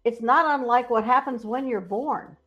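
A woman guest describing her work helping ghosts, speaking as a confident, animated storyteller. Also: fairly high pitch, normal speed. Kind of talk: earnest spiritual storytelling. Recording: dull lo-fi sound.

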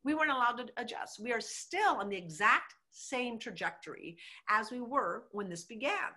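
A middle-aged woman, a former mayor, telling her story with emphatic, animated energy in a conversational interview. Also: on the high side, moderate pace.

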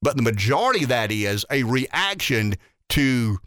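A man's voice: medium pitch, sing-song, a little slow, a bit bright, dry recording, clean studio sound. A man hosting a talk radio show, delivering an emphatic, opinionated political monologue and often repeating words as he builds a point.

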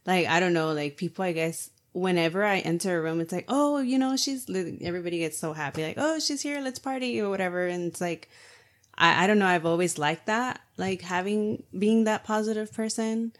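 Young female co-host, upbeat teasing chat, lower voice. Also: fairly quick. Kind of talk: casual chat.

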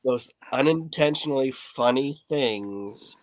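A man's voice: medium pitch, takes it slowly, no room sound. Blunt, casually swearing podcast host, a man. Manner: blunt, swears casually, laughs at his own stories. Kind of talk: casual chat.

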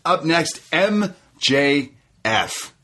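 A man co-hosting a casual wrestling recap podcast, animated and laughing often as he recounts the show. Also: fairly high pitch, very slow. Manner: animated, laughs often, quotes wrestlers in raised mock voices. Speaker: podcast co-host.

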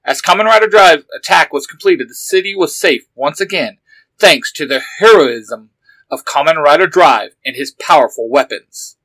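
Bright-voiced young man reading a story. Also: a little high, lively intonation, normal speed, no room sound, poor audio. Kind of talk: reading fan fiction aloud.

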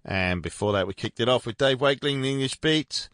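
A man's voice: mid-range voice, fairly quick, a bit bright, no room sound. A man hosting a radio music show, chatting casually and rambling in an upbeat way from a radio studio. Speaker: radio host.

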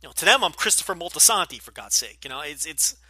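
Jersey guy doing podcast q&a, blunt and sweary, really sharp bright voice, dead dry sound. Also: on the high side, big pitch swings, fast, slightly rough, dry recording. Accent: New Jersey. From Northeastern US, New Jersey. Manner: blunt, profane, opinionated. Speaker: podcast host. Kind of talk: casual Q&A podcast.

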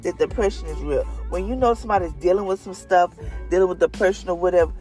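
A woman's voice: fairly low pitch, fast talker, mellow, faint music behind. A woman leading a devotional, sharing a personal testimony in an earnest, conversational, prayerful way. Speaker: devotional leader.

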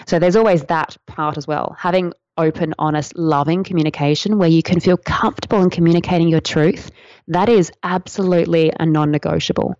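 A woman with a lowish voice that slips into gravelly fry, speaking in a flowing, earnest way as she teaches a listener. The sound is dry and a little dull, like a lo-fi podcast feed. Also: steady tone, fairly quick, dry recording. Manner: flowing, earnest, gently instructive. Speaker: tantra teacher, podcast guest. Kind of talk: podcast interview answer.

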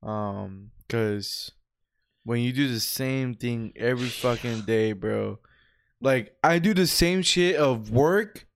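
A young man co-hosting a podcast, chatting casually and relaxed, with some profanity. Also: mid-range voice, vocal fry. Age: young adult. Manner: relaxed, profane, fast when explaining. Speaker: podcast co-host. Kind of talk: casual chat.

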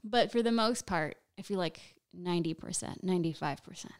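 A woman's voice: lowish voice, fairly quick, clear, resonant tone. A woman comedian who grew up bilingual in English and Spanish, chatting casually and laughing often as a podcast guest. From United States. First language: bilingual English and Spanish from childhood. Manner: animated, laughs often, acts out quotes.

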